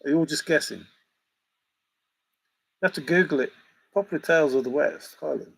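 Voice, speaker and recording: A man's voice: on the high side, a little fast, creaky, fairly bright tone, slightly rough, rough recording. A middle-aged man hosting a livestream, joking and laughing as he banters with viewers in the chat. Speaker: livestream host answering chat. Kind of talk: casual chat.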